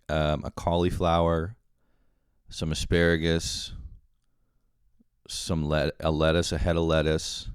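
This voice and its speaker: A man's voice: low voice, smooth, no echo, studio quality. A man hosting a podcast, talking in a rambling, profane casual monologue full of fillers. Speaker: podcast host.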